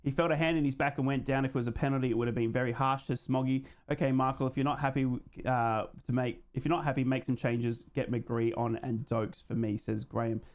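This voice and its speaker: A man's voice: medium pitch, steady tone, fast, hardly any pauses. A man hosting a live football watchalong, giving running play-by-play and reading out viewer comments. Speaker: host of a live match watchalong stream.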